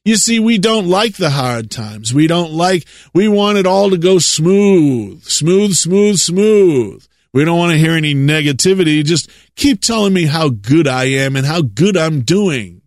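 A man delivers a sermon in a sarcastic, lecturing tone and often chuckles at his own remarks. His voice sits a little high for a man. The sound is close and dry, with no room echo. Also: expressive, normal speed. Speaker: preacher.

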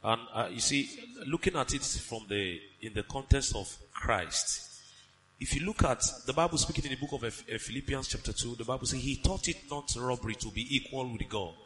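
A man co-teaching a sermon with his wife, delivering scripture in a steady, measured way. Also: medium pitch, in a large hall, poor audio.

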